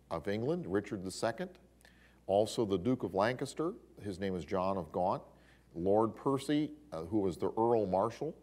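Male Bible class teacher, slightly low voice, animated lecturing style. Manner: animated storyteller with exclamations.

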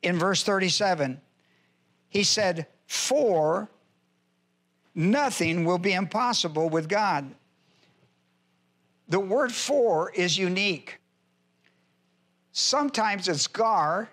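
A man's voice: high voice, fairly bright tone. A male pastor teaching a Bible lesson who repeats key phrases for emphasis, spells out Greek words letter by letter and speaks to his listeners directly in plain, informal grammar.

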